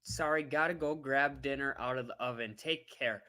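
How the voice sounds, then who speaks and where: With a bass voice at normal speed, a woman vlogger laughs her way through an animated travel story, chatting to viewers on a casual livestream.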